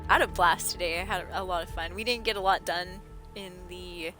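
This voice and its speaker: A woman livestreaming a game, chatting excitedly to her viewers while losing her voice. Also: on the low side, a little fast. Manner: chatty, excitable, talks to chat. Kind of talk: casual gameplay commentary. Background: game music.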